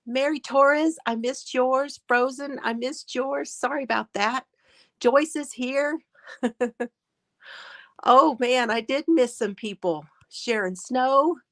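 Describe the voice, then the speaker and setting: Slow-talking woman chatting on a livestream. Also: sits high, fairly bright tone. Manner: chatty, greets viewers by name, laughs often. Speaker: crochet livestream host. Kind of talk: casual livestream chat. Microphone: phone.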